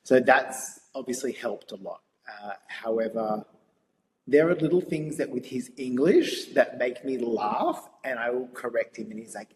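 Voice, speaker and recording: A young Australian man telling stories in a casual interview, lively and laughing often. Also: mid-range voice, unhurried. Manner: animated storyteller, laughs often. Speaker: guest. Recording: reverberant room with faint ambient noise.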